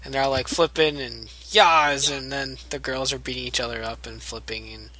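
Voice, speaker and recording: Male podcast co-host, forceful bright tone, loose sarcastic recap with lots of profanity. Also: medium pitch, steady tone, low-quality recording. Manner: profane, sarcastic, mocks characters in quick asides. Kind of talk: casual recap chat.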